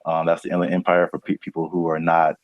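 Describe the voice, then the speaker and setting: A man's voice: low-pitched, completely flat delivery, fast, dry recording, highs cut off. A man from California co-hosting a casual podcast, rambling and laughing often. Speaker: podcast co-host.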